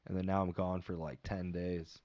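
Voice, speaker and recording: A man's voice: sits low, little pitch movement, normal speed, darkish tone. A man who is a stand-up comedian, chatting as a podcast guest and telling rambling, jokey stories full of fillers. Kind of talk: casual podcast chat.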